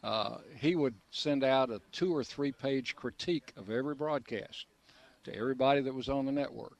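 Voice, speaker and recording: A man's voice: mid-range voice, normal speed, gravelly. Older man, veteran play-by-play voice, easygoing anecdotes, radio interview guest outdoors. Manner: easygoing storyteller, frequent uh fillers and restarts, chuckles. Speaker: longtime sports play-by-play broadcaster, guest. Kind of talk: relaxed reminiscing radio interview. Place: restaurant patio outdoors.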